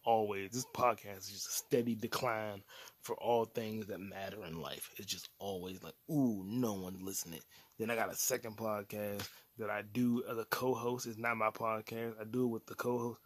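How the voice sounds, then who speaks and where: A man in his late twenties hosting his own podcast alone, rambling casually in a loose, profane, slang-heavy way. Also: on the low side. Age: 20s. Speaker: podcast host. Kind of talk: casual solo podcast rant.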